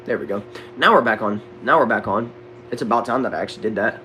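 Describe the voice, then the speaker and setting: A man's voice: lowish voice, fast talker, pushed and bright, slight background noise. Laid-back Southern man chatting with viewers. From Texas. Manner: laid-back, drawling, says bro and dude a lot. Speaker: livestream host reading chat. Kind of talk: casual livestream chat. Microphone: desk microphone.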